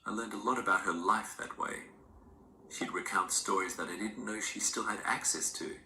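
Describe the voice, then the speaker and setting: A man with a very deep voice and a strikingly bright, crisp edge reads a horror story in hushed tones, sometimes dropping to a whisper. The recording sounds roomy, with faint ambience beneath it. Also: steady tone, normal speed, a little hiss or hum. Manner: hushed, often whispered delivery. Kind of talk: scripted horror narration.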